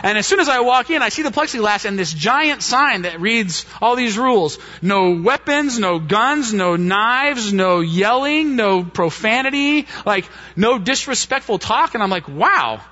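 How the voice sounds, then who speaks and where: A man preaching, telling a personal story in an animated way and acting out the quotes. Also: high voice, unhurried, hardly any pauses. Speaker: pastor. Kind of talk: sermon storytelling. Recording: dull muffled lo-fi sound.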